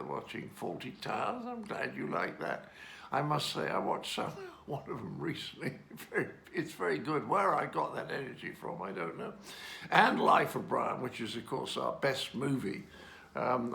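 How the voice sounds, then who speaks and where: A gravelly older Englishman in his eighties speaks with a wry, playful touch. His voice is fairly high and bright, and it swoops around a lot as he tosses off affectionate mock insults in a personal birthday message. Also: slight background noise. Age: 80s. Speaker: celebrity sending a birthday message. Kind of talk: recorded personal video message.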